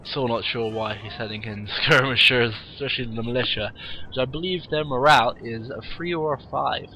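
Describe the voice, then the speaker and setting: Bright-voiced man with a cold. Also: medium pitch, fairly quick, slight background noise, poor audio. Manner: rambling, wry, tired asides. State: has a cold, sniffly. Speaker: game replay commentator. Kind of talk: casual game commentary. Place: warm room at home.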